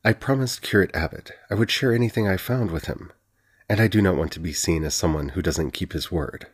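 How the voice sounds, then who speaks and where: A man voicing a humble male healer who speaks in a measured, formal and cautious way. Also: low-pitched, husky. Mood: careful.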